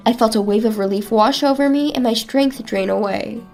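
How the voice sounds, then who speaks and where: A woman's voice: fairly high pitch, normal speed, hardly any pauses, a little mellow, soft background music. A woman narrating a first-person family drama story in an earnest, resolute way.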